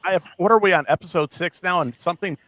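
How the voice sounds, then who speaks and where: Animated, laughing podcast co-host. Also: male voice, high-pitched, quick pace, over a noisy crowd, low-quality recording. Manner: animated, laughing often, mock quotes. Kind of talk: casual chat.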